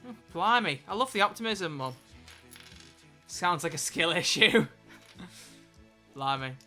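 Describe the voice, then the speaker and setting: Young male streamer, bright forceful voice, dry sarcastic banter, faint music behind. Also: high-pitched, lively intonation, unhurried. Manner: joking, teasing, sarcastic. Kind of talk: casual chat on a livestream. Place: home.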